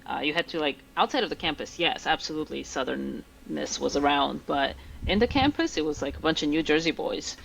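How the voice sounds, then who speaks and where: Gravelly-voiced podcast guest, filler-heavy chat. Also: medium pitch, brisk, few pauses, a little hiss or hum, rough recording. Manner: many fillers, lively storytelling. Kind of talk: casual chat.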